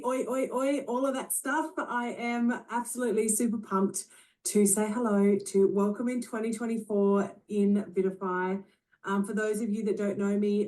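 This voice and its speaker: A woman's voice: medium pitch, dark tone, distant mic. A woman with an Australian accent giving an upbeat motivational talk to a sales network, full of punchy slogans. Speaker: network marketing leader.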